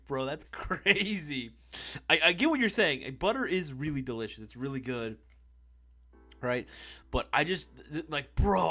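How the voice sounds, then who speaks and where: A man's voice: on the high side, animated, normal speed, bright, forceful tone, faint music behind. A man in his thirties chatting casually on a live stream, reading the chat, laughing often and calling people "bro" and "dude.".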